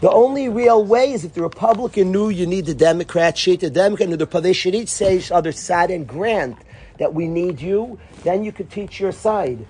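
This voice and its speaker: A man, a rabbi and educator, giving an informal Torah talk as an animated storyteller who acts out dialogue. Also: high-pitched, normal speed, a little hiss or hum.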